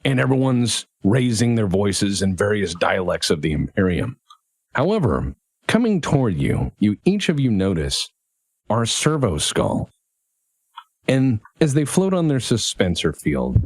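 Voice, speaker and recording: A man narrating as game master of a tabletop role-playing game, descriptive and lively, with laughing asides. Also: on the low side, unhurried, husky, no echo.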